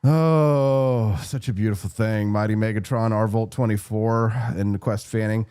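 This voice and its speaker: A man's voice: on the low side, steady tone, a little slow, dark tone, smooth. Sarcastic, combative male show host. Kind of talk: political commentary show.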